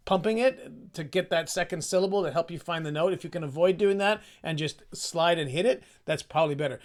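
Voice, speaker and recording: A man's voice: on the high side, brisk, hardly any pauses. A man leading a casual singing lesson, chatty and self-deprecating, explaining the score and singing short phrases to demonstrate. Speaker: choir practice leader.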